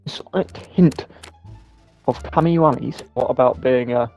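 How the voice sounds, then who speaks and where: A man's voice: mid-range voice, a little slow, a little mellow, highs cut off, soft background music. A man with a British accent tinged slightly with Australian, joking crudely and teasing his friend while they play. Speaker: gaming friend. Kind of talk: casual gameplay banter.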